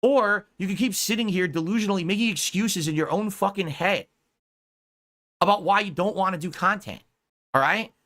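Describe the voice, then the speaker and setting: A man's voice: high-pitched, normal speed, a bit bright. A man hosting a stream, ranting in exasperation, swearing often and mocking others in quoted voices. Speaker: streamer host. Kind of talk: heated casual rant.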